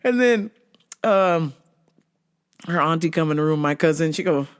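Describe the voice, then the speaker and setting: This podcast host's voice is a little high, clear and resonant, with fairly even intonation and normal speed. In a casual storytelling monologue, he swears freely and laughs at his own jokes.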